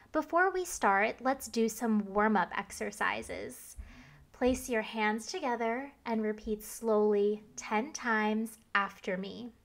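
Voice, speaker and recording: Slow, patient ASMR woman. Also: a little high. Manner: slow, patient repeat-after-me delivery. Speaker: ASMR creator. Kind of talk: manners-practice role-play at normal volume.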